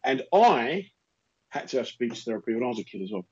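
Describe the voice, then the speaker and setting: A man in his fifties with a London accent, hosting a casual chat as an animated storyteller. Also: medium pitch, fairly quick, slightly rough. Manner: animated storyteller who slips into put-on voices. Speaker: radio host. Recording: muffled lo-fi sound.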